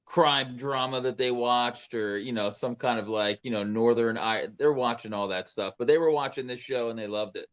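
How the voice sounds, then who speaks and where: A man guesting on a podcast, telling casual stories in a quick, offhand way. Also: medium pitch, fairly bright tone, clean tone. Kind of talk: casual chat.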